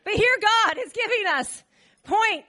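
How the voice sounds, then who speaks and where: Woman pastor preaching, really high voice, chatty and animated, keeps asking the room stuff. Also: unhurried. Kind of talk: sermon.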